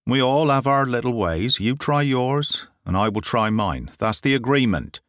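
A stubborn, sly country inspector, as a man reading aloud puts him on, politely guarded and dogged in a storybook telling. His pitch rises and falls in a lively way, and the recording is close and dry with no room around it. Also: normal speed, dry recording, natural voice.

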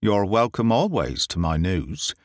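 A stubborn, sly country inspector, as a man reading aloud puts him on, politely guarded and dogged in a storybook telling. His pitch rises and falls in a lively way, and the recording is close and dry with no room around it. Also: a little slow, no echo.

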